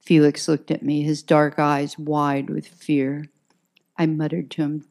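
A woman reading a first-person crime novel aloud, with a crisp, dry, sardonic delivery. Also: deep voice, little pitch movement, moderate pace, a little mellow. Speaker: audiobook narrator.

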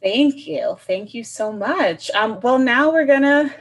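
A woman co-hosting an interview, upbeat and quick to laugh. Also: fairly high pitch, expressive. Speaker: co-host. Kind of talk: casual interview.

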